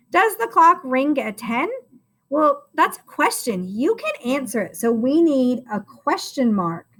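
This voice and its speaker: In a recorded first-grade phonics lesson, a high-voiced woman speaks slowly and encouragingly. She addresses the viewer as "friend."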